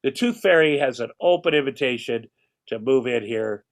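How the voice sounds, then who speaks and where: A man's voice: mid-range voice, animated, normal speed. Older male guest in his sixties, loose and rambling, casual talker. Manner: rambling, restarts, swears casually. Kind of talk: casual chat.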